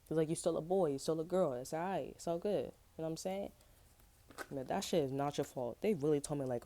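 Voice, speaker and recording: Low, mellow-voiced woman reading tarot. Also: animated, fast talker. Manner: slangy, profane, rambling with lots of fillers; laughs often. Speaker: tarot reader. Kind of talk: casual tarot reading to camera.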